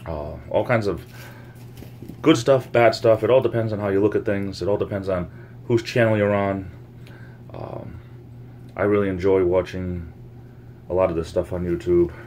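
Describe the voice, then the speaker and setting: A man with a very low voice talks loosely to his viewers, wandering from thought to thought and circling back on the same phrases. He makes up words now and then. A faint hum sits under the recording. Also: steady tone, moderate pace, pauses often, a little mellow. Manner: meandering, repeats phrases, coins words. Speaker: YouTube vlogger. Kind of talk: casual rambling monologue to camera. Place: home, near the laundry.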